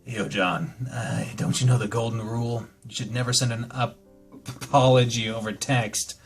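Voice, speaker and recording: A man voicing a tired young man who jokes and teases, speaking low and subdued. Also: fairly even intonation, moderate pace, soft background music, lightly acted. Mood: sleepy. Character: tired joking young man, teasing but lonely.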